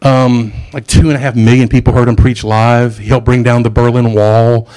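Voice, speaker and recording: A man's voice: mid-range voice, little pitch movement, moderate pace, darkish tone. A middle-aged man preaching a sermon in a casual, conversational way, with asides and jokes.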